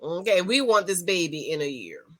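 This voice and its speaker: A woman giving sassy, animated commentary on a reality show, with features and lots of restarts. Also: on the low side, normal speed. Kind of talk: casual opinion review.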